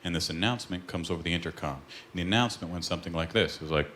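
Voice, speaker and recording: This comedian has a deep voice and talks very fast, telling stories on a club stage and mimicking the people he quotes between punchlines. Loud laughter and clapping from the live audience fill the background noise.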